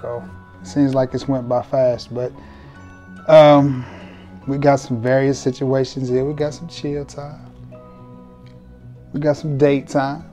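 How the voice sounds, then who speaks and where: A man hosts a casual fragrance review vlog, chatting to his viewers in a relaxed, joking, colloquial way. His voice is mellow and warm, neither high nor low, and faint music plays behind him. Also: slow, pauses often. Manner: laid-back, joking, colloquial, talks straight to viewers.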